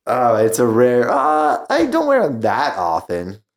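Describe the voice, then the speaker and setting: A man's voice: mid-range voice, wildly swooping pitch, a little slow, vocal fry. Rambling, laughing man hosting a podcast. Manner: rambling, laughing, self-deprecating. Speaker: podcast host. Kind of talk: casual podcast chat.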